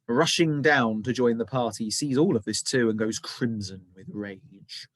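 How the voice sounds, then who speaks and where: A male teacher reading a children's novel aloud, with expressive, dramatic storytelling. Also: mid-range voice, measured pace, hardly any pauses, no echo.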